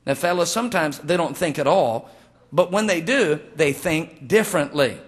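A man's voice: fairly high pitch, moderate pace. A man preaching a humorous sermon as a pastor, telling folksy stories and acting out the people he quotes. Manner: folksy storytelling with jokes; acts out quoted voices.

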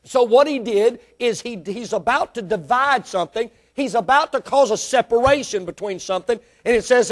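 A pastor, a man with a high voice, preaches to his congregation. He builds to emphatic bursts and keeps asking the room direct questions. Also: lively intonation, normal speed, few pauses. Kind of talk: sermon. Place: church.

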